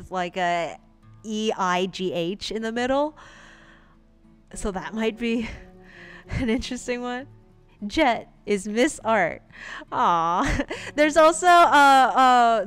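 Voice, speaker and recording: A woman's voice: mid-range voice, fairly bright tone, clear, resonant tone. A woman streaming her comic art, chatting casually in a rambling, giggly way. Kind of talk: casual livestream commentary.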